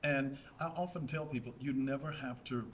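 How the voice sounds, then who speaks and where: A middle-aged pastor speaking in a measured preacher's rhythm and repeating lines for emphasis. His voice sits at an ordinary pitch, with a faint hiss of background noise. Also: steady tone. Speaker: pastor and businessman guest. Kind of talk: interview answers, preacher's cadence.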